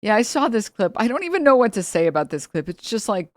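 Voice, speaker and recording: A woman's voice: mid-range voice, big pitch swings, fast talker, no room sound. A woman streamer chatting casually and mocking her subject with sarcasm. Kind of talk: casual chat.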